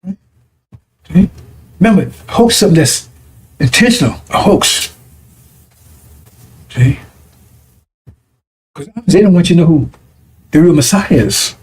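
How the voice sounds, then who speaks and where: A male preacher teaches his congregation in a loose, conversational way. His voice sits a little high and has a dark, mellow tone, and he keeps stopping to check that his listeners follow him. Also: animated, measured pace, long pauses, a little hiss or hum. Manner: conversational, repeats 'right?' and 'see?' to check listeners. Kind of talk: broadcast sermon teaching.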